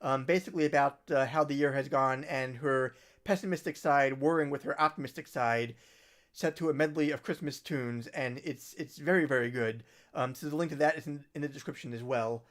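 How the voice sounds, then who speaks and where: A male musician hosts a livestream, chatting casually and rambling through recommendations with soft trailing asides. His voice is medium-pitched and fairly quick.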